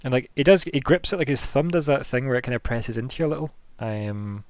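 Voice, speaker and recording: A man's voice: mid-range voice, fast, no echo. A man narrating as game master, describing scenes in a loose, rambling way with many fillers.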